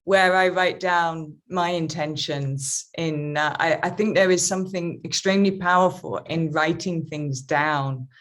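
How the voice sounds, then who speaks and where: A woman life coach speaking reflectively in an interview conversation. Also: low voice. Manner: slow, reflective, talks of spirituality.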